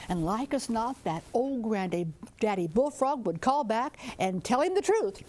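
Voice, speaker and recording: An older woman storyteller spins a folktale. Her voice sits a bit high and moves expressively as she draws listeners in. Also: measured pace. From southern Indiana. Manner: lively, expressive, audience-engaging. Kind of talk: oral folktale telling.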